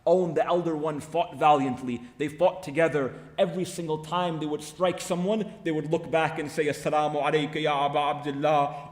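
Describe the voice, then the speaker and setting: A man's voice: high-pitched, fairly even intonation, brisk, few pauses. A man preaching at a mourning gathering, telling the story with passion and voicing each character's words himself. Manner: impassioned storytelling, acting out the dialogue of the story. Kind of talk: sermon. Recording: echoey hall sound.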